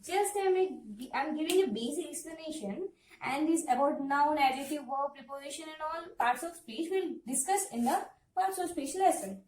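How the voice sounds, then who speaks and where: A woman teaching syllable stress, explaining step by step and repeating example words slowly. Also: high-pitched, darkish tone, slight background noise. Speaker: English pronunciation teacher. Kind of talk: classroom-style lesson to camera. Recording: echoey room, somewhat far from the mic.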